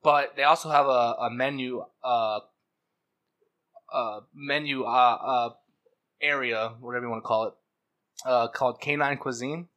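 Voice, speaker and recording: A man's voice: mid-range voice, fairly even intonation, a little slow, pauses often, a bit bright. A man co-hosting a casual podcast, rambling through stories with many restarts and hesitations. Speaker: podcast co-host.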